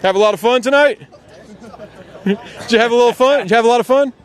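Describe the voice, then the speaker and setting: A male sports host with a high voice, rattling along at a rapid clip. He sounds upbeat and laughs easily, chatting with fans live outdoors at night. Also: some chatter behind. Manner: upbeat, quick, laughing often. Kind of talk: live on-the-street interviews. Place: outdoors outside an arena at night.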